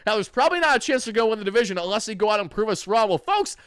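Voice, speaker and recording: Brash high-voiced young man, fan commentary. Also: animated, rapid-fire, fairly bright tone, clear, resonant tone, dry recording, studio quality. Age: young adult. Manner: brash, trash-talking, hyped. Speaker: sports channel host.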